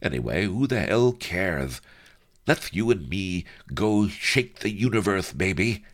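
A man's voice: deep voice, animated, unhurried, voice pushed up. A man voicing a portly, lecherous nobleman who pants and leers. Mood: lustful. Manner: leering, panting, crowing.

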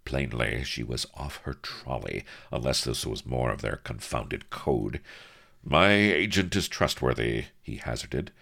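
A man narrating a story aloud in a wry, lively storytelling manner. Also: very deep voice, unhurried, vocal fry, few pauses, breathy edge. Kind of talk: dramatic audiobook reading.

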